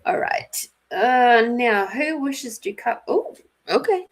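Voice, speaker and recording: A middle-aged woman from Australia who reads cards for a live-stream audience and talks to them casually. Her voice sits a little high, and she speaks at a slow, easy pace. She giggles often and warmly greets her viewers by name. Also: big pitch swings. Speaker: intuitive card reader and live-stream host.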